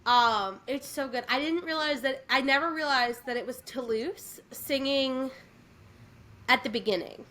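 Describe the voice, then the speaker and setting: A woman's voice: sits high, unhurried, bright, forceful tone. A woman co-hosting a podcast, chatting casually and enthusiastically with many fillers and restarts. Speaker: podcast co-host. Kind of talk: casual chat.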